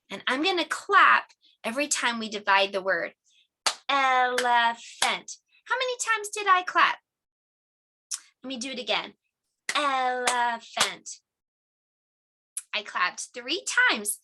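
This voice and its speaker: A middle-aged woman teaching a homeschool lesson, her voice bright and a little high. She talks clearly and patiently, like a teacher walking parents and kids through an activity. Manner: clear, patient teacher talk with clapping of syllables. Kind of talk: home lesson demonstration.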